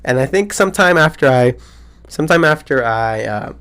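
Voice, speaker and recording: A man around twenty hosting his own podcast, chatting casually in an excitable, rambling way full of slang and swearing. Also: mid-range voice, moderate pace, clear, resonant tone. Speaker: podcast host. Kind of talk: casual solo podcast chat.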